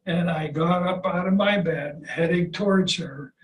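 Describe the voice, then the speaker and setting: A man in his eighties telling stories casually as a qigong teacher, rambling and halting, with restarts and chuckles, heard over a video call. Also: high-pitched. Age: 80s. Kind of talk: casual storytelling. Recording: roomy, distant video-call audio with faint noise.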